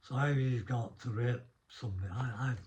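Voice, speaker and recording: A man's voice: medium pitch, moderate pace, darkish tone. A middle-aged man with a Northern English accent, a former prison officer telling rambling anecdotes in a casual interview. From Northern England. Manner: rambling anecdotes, restarts, mild swearing.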